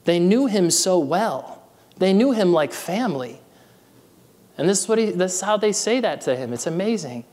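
Fairly high-voiced preaching pastor in reverb. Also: male voice, animated, normal speed, darkish tone. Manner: reads scripture aloud, then preaches with rising energy and calls to the congregation. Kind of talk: sermon. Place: church sanctuary.

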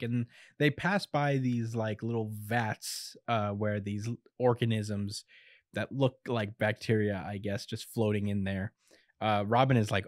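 A man's voice: lowish voice, steady tone, no echo, studio quality. A young man co-hosting a podcast, recapping a comic chapter in a casual, laid-back way and chuckling often. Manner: laid-back, chuckles often, acts out quotes in quick bits. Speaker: podcast co-host recapping manga. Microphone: podcast microphone.

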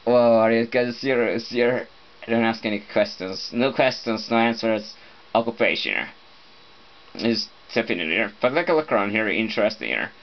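A man's voice: lowish voice, animated, moderate pace. Playful man humming, lo-fi home video. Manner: loose and playful, breaks into humming and scat sounds. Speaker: vlogger. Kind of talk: rambling casual vlog chat. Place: shared apartment indoors. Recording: dull lo-fi home video audio.

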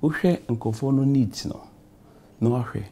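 With crowd noise in the background, a man speaks slowly at a medium pitch. He is a Ghanaian parliamentarian in a talk show interview, mixing Twi and English in rambling, repetitive replies.

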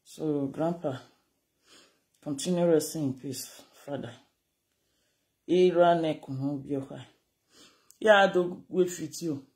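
A speaker with a Nigerian accent in a casual rant to camera, animated and scolding, switching between Pidgin and Yoruba. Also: medium pitch, slow pace, long pauses.

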